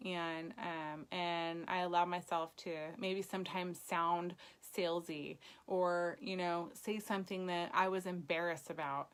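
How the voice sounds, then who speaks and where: A woman's voice: lowish voice, fairly bright tone, smooth. A woman leading a direct-sales team, giving a chatty motivational live video talk with lots of ums. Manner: encouraging, chatty, frequent ums.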